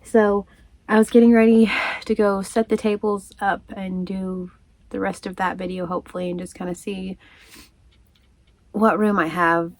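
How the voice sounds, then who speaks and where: A woman's voice: mid-range voice, flat delivery, normal speed, long pauses, dry recording. A woman chatting casually to her viewers, rambling and laughing often as she tells her story. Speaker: crochet vlogger. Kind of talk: casual chat.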